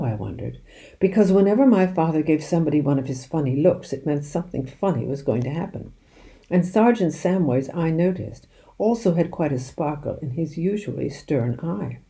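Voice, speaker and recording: A woman reading a children's book aloud in an expressive storytelling manner. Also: low-pitched, moderate pace, creaky. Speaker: reader.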